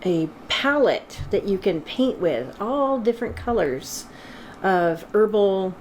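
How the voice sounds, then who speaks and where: A woman's voice: mid-range voice, lively intonation, takes it slowly, a little hiss or hum, rough recording. A woman co-hosting a casual chat, explaining things in a knowledgeable way with frequent ums. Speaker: absinthe expert co-host.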